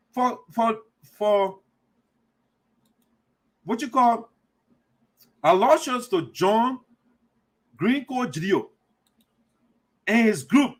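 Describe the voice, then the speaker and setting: Man, very high voice, heated accusatory commentary, preachy, repeats himself. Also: a bit bright. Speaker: community radio commentator.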